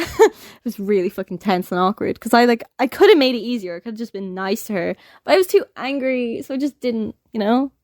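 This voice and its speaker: A woman's voice: on the high side, expressive, fairly quick, a little mellow, no room sound. A young woman, hosting a podcast and telling a story in a casual, sweary, laughing way. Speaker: podcast host.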